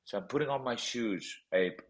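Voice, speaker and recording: A professional boxer with a South African accent appears as a podcast guest, telling a personal story with intensity and often repeating phrases. His medium-pitched voice moves at normal speed on a rough recording.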